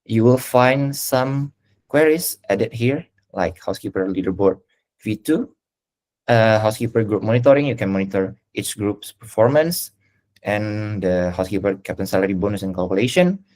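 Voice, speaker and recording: A man's voice: on the low side, animated, normal speed, darkish tone. A man presenting dashboard updates on a video call, listing items with frequent fillers. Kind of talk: casual screen-share presentation.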